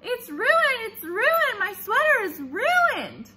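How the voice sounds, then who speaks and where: A bossy little storybook schoolgirl shrieks her complaints in a piercing, high voice, climbing and dropping all over the place, as a woman reads her. The tone is bright and sharp, and she wails more than she talks. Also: big pitch swings, fairly quick, slight background noise, full character voice. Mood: shrieking. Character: bossy young schoolgirl, shrill and whiny.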